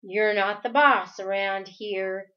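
A cold, insolent little boy under some dark control, as a woman reading a storybook puts him on. His words come out slow, flat and unfriendly, and the recording sounds dull and lo-fi. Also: medium pitch.

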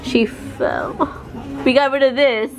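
A young woman with a slightly high voice chats to her handheld camera in a casual daily vlog. She talks loosely and laughs often between lines. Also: huge pitch swings, slow pace, vocal fry, music in the background. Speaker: vlogger.

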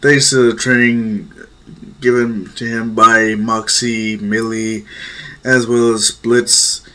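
A man's voice: mid-range voice, level tone, slow, fairly bright tone. A man casually telling an improvised fan story with a rambling manner.

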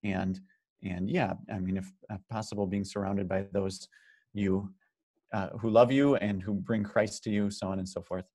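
A man with a somewhat low voice leads a church Bible study. He talks in an easy, conversational way, reading out questions from the group and coaxing them to answer. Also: fairly even intonation, moderate pace, dark tone. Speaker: pastor leading Bible study. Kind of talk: informal Bible study teaching.

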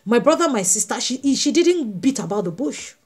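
Emphatic woman evangelist, raised pitch. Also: big pitch swings, moderate pace, darkish tone, slightly rough. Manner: emphatic, repeats phrases, addresses the congregation directly. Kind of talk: sermon.

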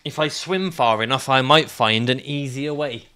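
Brief: young male streamer, bright forceful voice, rants and yells at his game character. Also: medium pitch, normal speed, clean tone. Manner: ranting, swinging between mock calm and yelling at his character. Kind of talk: gaming stream commentary.

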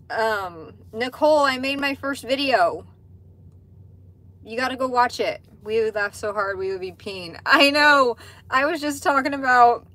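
A woman's voice: mid-range voice, a bit bright. A woman hosting a casual livestream from inside a truck cab. She reads viewer comments aloud and answers them in a candid, chatty way, swearing now and then. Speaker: livestream host.

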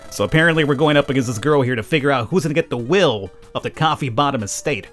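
A man hosting a let's play, commenting on a game in an animated, joking way and laughing often. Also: mid-range voice, quick pace, few pauses, faint music behind. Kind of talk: gameplay commentary.

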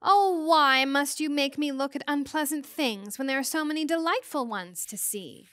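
A woman's voice: high-pitched, normal speed, fairly bright tone, no echo, clean studio sound, pitched above the performer's own voice. A woman reading aloud voices a whimsical female medium who pleads to avoid unpleasant things. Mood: plaintive.

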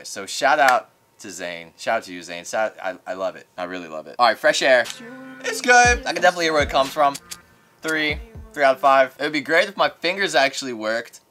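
A young man hosting radio, giving an excitable casual reaction to an album in a studio as he rates each track. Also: mid-range voice. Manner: excitable, rates tracks in flames, laughs often. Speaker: radio host reviewing an album. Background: music playing.

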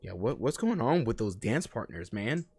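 A man live-streaming a game, chatting casually and profanely with his viewers, swinging from low muttering to loud excited outbursts. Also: moderate pace. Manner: slangy and profane, talks to chat by name. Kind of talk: casual live-stream chat while gaming.

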